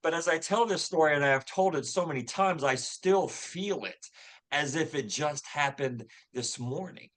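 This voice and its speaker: A man's voice: fairly high pitch, moderate pace, a bit bright. A man in his fifties telling a personal faith story as a podcast guest, earnest and full of restarts and fillers. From Louisville, Kentucky. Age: 50s. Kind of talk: personal storytelling in a casual interview.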